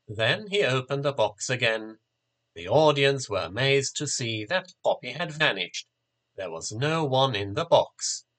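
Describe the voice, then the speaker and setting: Slow, expressive male storyteller. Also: mid-range voice. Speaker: narrator. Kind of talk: storybook reading.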